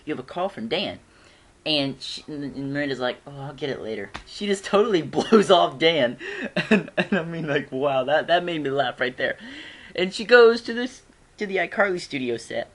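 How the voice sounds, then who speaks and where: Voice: medium pitch, a bit bright. A fan reviewer chatting casually at home, rambling with frequent giggles and restarts.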